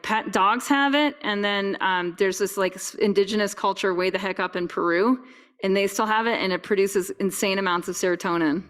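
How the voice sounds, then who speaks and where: A woman's voice: mid-range voice, fairly bright tone. A woman with a mid-range voice talks candidly in a podcast conversation. Her delivery is enthusiastic and emphatic, with the ease of casual chat. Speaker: podcast guest.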